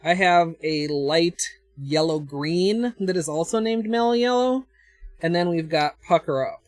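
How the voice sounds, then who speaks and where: Slow-talking Minnesotan woman streamer. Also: on the low side, a little mellow, no room sound. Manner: thinks aloud, chatty, answers chat, chuckles often. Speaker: nail art livestreamer. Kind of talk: casual livestream chat while demonstrating.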